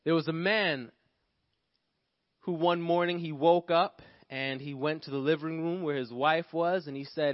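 A pastor preaching a sermon, building emphasis and calling out to the congregation. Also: male voice, a little high, fairly even intonation, normal speed, dry recording, dull audio. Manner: preaching with rising emphasis and call-outs to the congregation.

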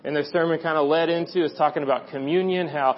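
A young man delivers a sermon in a chatty, storytelling manner and acts out the lines of the people in his story. His voice sits a bit high for a man. The recording sounds dull and lo-fi. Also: quick pace, a little hiss or hum. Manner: conversational, animated storytelling with quoted voices. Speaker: preacher.

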